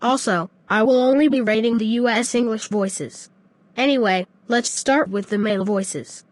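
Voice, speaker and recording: A text-to-speech woman with a somewhat high voice and a flat, even delivery. The sound is dry and close, with no room around it. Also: moderate pace, no echo.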